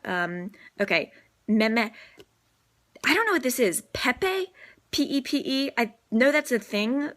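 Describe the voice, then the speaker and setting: A woman's voice: mid-range voice, gravelly, a bit bright. Young woman from new orleans, light southern lilt, rambling and sleepy, talking into her phone from bed. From New Orleans, Louisiana. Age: 20s. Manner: chatty, rambling, sleepy and self-deprecating. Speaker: vlogger. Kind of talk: casual accent-tag vlog. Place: in bed at home. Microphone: phone at arm's length.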